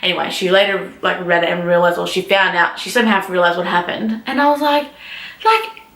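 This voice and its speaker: A young woman ranting casually to camera as a book vlogger, animated and swearing freely. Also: fairly low pitch, fairly quick, echoey room.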